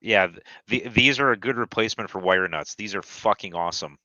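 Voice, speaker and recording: A man's voice: lowish voice, fairly quick, pushed and bright, no echo, lo-fi sound. A man hosting a podcast in casual chat, blunt and enthusiastic, swearing freely.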